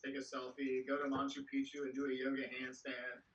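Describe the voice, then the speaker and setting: In his thirties, a man does a stand-up set from his home office over a video call, rambling and tossing in self-deprecating asides. His voice is medium in pitch and bright, delivered brisk and completely flat, with the highs cut off. The audio sounds distant and noisy, typical of a video call.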